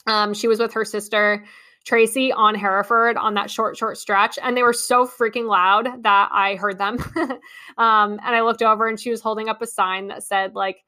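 A young adult woman hosting a podcast, telling a story in a chatty, excitable way with many ums and likes. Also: mid-range voice, moderate pace. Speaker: podcast host. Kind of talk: casual monologue recap.

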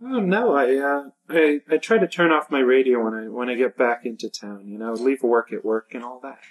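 A seasoned park ranger from the Midwest, played by a woman in a tabletop game. The voice is very deep for a woman, and the manner is folksy and easygoing, with the odd hesitant restart. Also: normal speed, low-quality recording. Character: veteran park ranger of fifteen years, from the Midwest.

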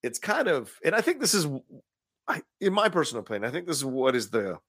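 A man's voice: on the high side, very animated, fast, a bit bright, slightly rough, no room sound, clean studio sound. A man co-hosting a podcast, talking about movies in casual, opinionated chat and laughing often. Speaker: podcast co-host.

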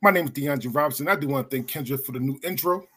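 Husky laid-back podcast host man. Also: medium pitch, quick pace, a bit bright. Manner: laid-back, laughs often, swears casually. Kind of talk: casual podcast chat.

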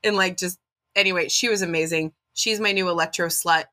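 A woman co-hosting a podcast in casual chat, telling stories in an excitable, rambling way with lots of giggling. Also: on the low side, brisk. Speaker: podcast co-host.

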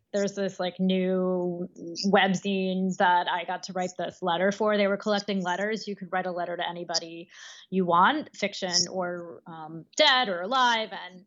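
A woman's voice: lowish voice, fairly even intonation, moderate pace, a bit bright, muffled recording. A woman guest author in a casual podcast conversation, speaking thoughtfully with many fillers and restarts.

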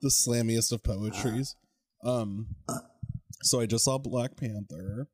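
A man's voice: mid-range voice, takes it slowly, darkish tone, slightly rough. A man co-hosting a podcast, chatting casually and laughing often. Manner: laughs often, playful banter. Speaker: podcast co-host. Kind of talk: casual chat.

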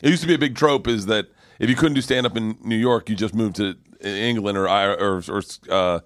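Profane, animated comedian. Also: male voice, on the low side, fairly quick, dry recording, studio quality. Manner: profane, animated, acts out quotes. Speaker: comedian guest. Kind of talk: casual storytelling chat.

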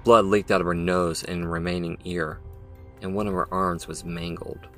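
Give me a deep-voiced man narrating fiction over faint background music. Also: little pitch movement. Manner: measured, dramatic storytelling. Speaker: audiobook narrator. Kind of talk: scripted narration.

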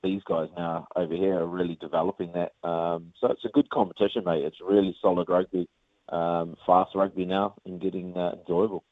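Here a Kiwi rugby player talks briskly in a low voice, easygoing and meandering, dropping plenty of ums and uhs as he's interviewed casually over the phone. His phone audio is tinny and dry.

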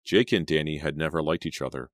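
A man narrating an audiobook in measured scripted narration, close to the mic. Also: rumbling low, no room sound.

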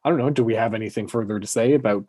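A man's voice: medium pitch, very fast, dark tone, slightly rough, no room sound. A man co-hosting a casual hockey podcast, rambling with lots of fillers and restarts. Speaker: podcast co-host.

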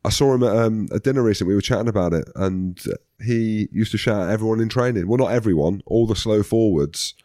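A man co-hosting a podcast, telling stories in a cheeky, deadpan way. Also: on the low side, quick pace, hardly any pauses, dry recording, clean studio sound. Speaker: podcast co-host, former rugby player. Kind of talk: casual chat.

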